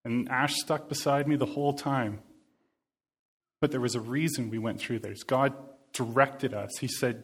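A man's voice: medium pitch, steady tone, normal speed, breathy edge. Man preaching a casual, earnest sermon. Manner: earnest, conversational, with repeated phrases.

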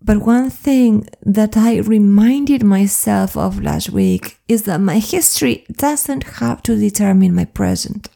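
A woman speaks with a strongly creaky, fry-laden voice that sits warm and mellow. She talks as a coach in a soft, earnest, confiding personal monologue, as if opening up to a close listener. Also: mid-range voice, slow pace, few pauses. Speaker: flow coach.

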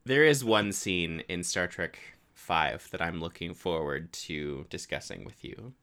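A man's voice: low-pitched, unhurried, fairly bright tone. A man co-hosting a casual film-review podcast, enthusiastic and laughing often. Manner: enthusiastic, laughs often, acts out quoted lines. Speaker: podcast co-host.

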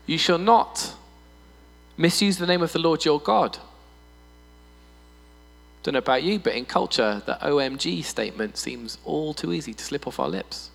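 A man preaches a sermon with a lively, swinging delivery, slipping in comic voices to make his point. His voice rings through a hall with a long reverb, and a faint mains hum sits underneath. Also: a little high, normal speed, gravelly, pauses often. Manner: animated, playful, mimics voices for humor. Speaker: pastor. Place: church hall.

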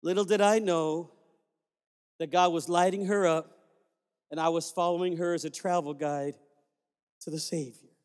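A man's voice: a little high, steady tone, normal speed, long pauses, a little mellow, clear, resonant tone. A man preaching a sermon as pastor, telling family stories with sudden joyful whoops. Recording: long reverb of a large hall.

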